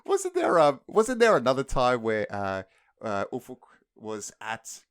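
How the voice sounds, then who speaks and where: A man's voice: mid-range voice, wildly swooping pitch, unhurried, clean tone. A young man co-hosting a podcast, making laid-back, joking remarks in casual chat. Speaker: podcast co-host.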